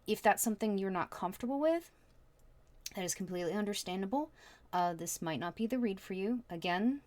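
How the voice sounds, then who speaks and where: A woman's voice: mid-range voice, lively intonation, brisk, darkish tone. A woman giving a casual tarot reading, chatty and prone to rambling. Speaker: tarot reader.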